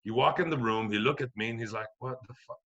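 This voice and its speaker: Guy from quebec, middle-aged, bright voice, cursing a lot and doing everyone's voices. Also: medium pitch, quick pace, muffled recording. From Quebec, Canada. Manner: profane, animated, acts out other voices. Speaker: podcast guest comedian. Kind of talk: storytelling anecdote.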